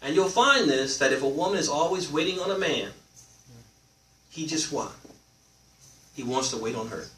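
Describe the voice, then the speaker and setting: Animated man teaching in an echoey hall. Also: on the high side, normal speed, pauses often. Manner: animated, asks the audience questions and lets them answer. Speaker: Islamic teacher. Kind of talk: live religious class. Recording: roomy, from a distance, faint noise.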